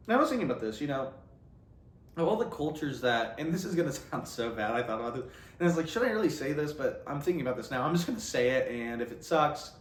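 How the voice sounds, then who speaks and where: A young man rambling casually to camera, often interrupting himself and laughing at his own remarks. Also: a little high. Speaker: vlogger. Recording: roomy echo.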